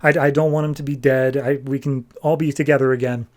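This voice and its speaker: A man's voice: medium pitch, flat delivery, a little fast, lightly acted. A man voicing a defiant young girl with animal powers in a comic recap, speaking earnestly.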